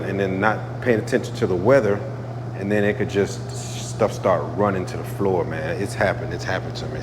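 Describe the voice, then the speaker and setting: A low-voiced man gives a relaxed, chatty shop update as an auto painter. He keeps circling back to the same phrases and tosses in "man" often. A steady hum of machinery fills the background. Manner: laid-back, repeats phrases, peppers talk with "man". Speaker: automotive painter. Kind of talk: casual shop vlog.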